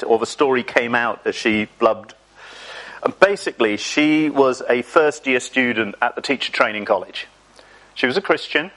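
A man preaching a sermon in a mid-pitched voice. He talks in a chatty, self-mocking way and draws out the words that matter. He tells the story from his own life. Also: bright, forceful tone, rough recording.

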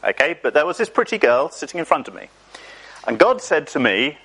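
A man preaching a sermon, telling a personal story in a chatty, self-mocking way and slowing down on key words. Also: fairly high pitch, very animated, bright, forceful tone, husky, poor audio.

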